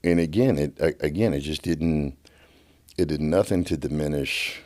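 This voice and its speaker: Middle-aged guy with a super deep voice, passionate podcast guest, keeps restarting his sentences, dry close mic. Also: normal speed, dry recording. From United States. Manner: animated, repeats words and restarts sentences. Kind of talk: passionate storytelling. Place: podcast studio.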